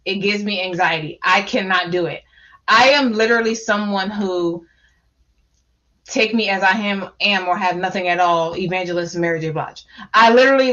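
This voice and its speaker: A woman's voice: medium pitch, pushed and bright. A woman with a New Jersey accent speaks emphatically on a panel and often restarts her phrases. The audio sounds a little dull and lo-fi. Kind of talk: panel discussion.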